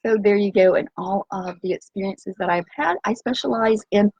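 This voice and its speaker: A woman's voice: mid-range voice, normal speed, darkish tone, slightly rough, no room sound, dull audio. A woman hosting an upbeat live stream outdoors by the sea, talking in an exuberant, sing-song way and breaking into chants and cheers. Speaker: organic nutrition coach and live-stream host. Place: outdoors by the sea on a windy day.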